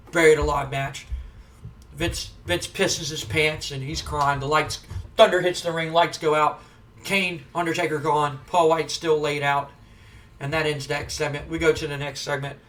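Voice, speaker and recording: A man's voice: fairly high pitch, far from the mic. Chatty man narrating a wrestling sim. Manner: relaxed, chatty, with fillers. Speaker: gaming video host. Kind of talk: casual play-by-play commentary of a wrestling sim.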